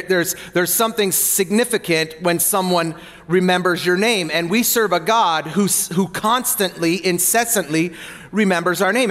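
A man preaching a sermon as pastor, playful and animated, joking with the congregation between points. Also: sits high, long reverb tail. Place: church hall.

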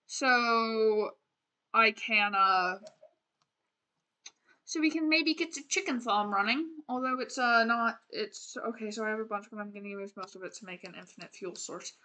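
A woman's voice: a little high, normal speed, pushed and bright. A young woman streaming a game, chatting casually and playfully as she plays, rambling with lots of restarts. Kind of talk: casual gameplay commentary.

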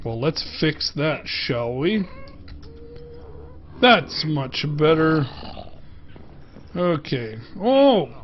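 Slow-talking man with a Pittsburgh accent. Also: on the high side, lo-fi sound, slight background noise. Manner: chatty, greets game animals playfully. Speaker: game reviewer. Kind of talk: casual gameplay commentary.

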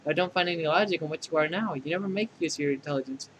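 A man's voice: racing, background noise, close to an everyday voice. A man voicing a condescending, clingy female AI program in a fan dub of a dating game, with mocking, clinical put-downs. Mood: smug. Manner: deadpan scolding that tips into shrill outbursts.

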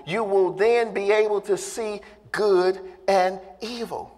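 Man, pastor, emphatic sermon, high voice, long church-hall reverb. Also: normal speed, few pauses, darkish tone. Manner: emphatic preaching, drawing in the congregation with questions.

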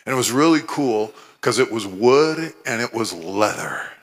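A man from Oregon giving a humorous, animated testimony sermon, with scripture recited fervently. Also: medium pitch, normal speed. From Oregon, USA. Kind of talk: storytelling sermon.

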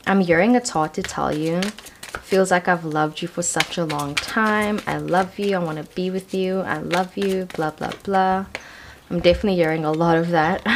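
A woman's voice: fairly low pitch, fairly even intonation, normal speed, noisy background. A young woman giving a casual tarot card reading, talking in a chatty, slangy way full of "like" and "I feel like". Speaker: tarot reader.

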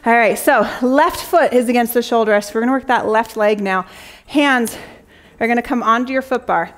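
Counting reps and cheering her class on, this Pilates instructor is a young adult woman whose voice sits on the high side. She talks at a normal speed while cueing a jump board session, a little out of breath.

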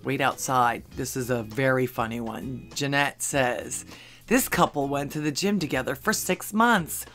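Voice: mid-range voice, measured pace, a bit bright, soft background music. A channel host at home in Texas, reading funny social media posts aloud and adding dry asides between them, with chuckles at the jokes.

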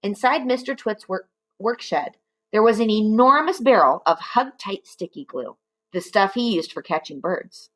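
A woman reading a children's book aloud, expressive and with chatty asides to her listeners. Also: mid-range voice, normal speed. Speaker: storybook reader.

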